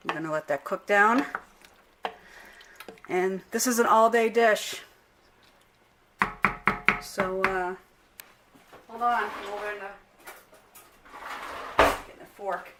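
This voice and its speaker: A woman's voice: mid-range voice, takes it slowly, pauses often, noisy background. A middle-aged woman chats her way through a home cooking demo in an easygoing, unscripted voice. She often trips over a word and backs up to fix it. Pots and cutlery clink faintly behind her in the kitchen. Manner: chatty and unpolished, restarts and corrects herself. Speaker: home cook vlogger. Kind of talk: casual cooking demonstration. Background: clinking pots, pans and cutlery.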